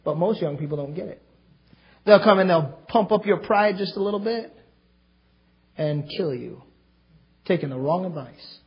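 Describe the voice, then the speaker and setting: A male pastor preaching a sermon emphatically, with sudden loud outbursts. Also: sits high, animated, moderate pace, pauses often, husky, lo-fi sound. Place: church.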